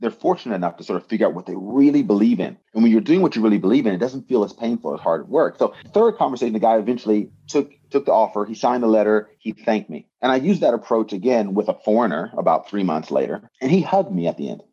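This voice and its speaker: A man in casual conversation telling an animated story, often checking in with "right?". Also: fairly low pitch, fast talker, hardly any pauses, breathy edge, dull audio.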